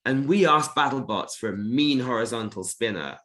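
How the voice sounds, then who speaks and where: A man's voice: medium pitch, animated, normal speed, fairly bright tone. A man in a casual interview chat about his robot combat team, rambling through a story with plenty of fillers and restarts.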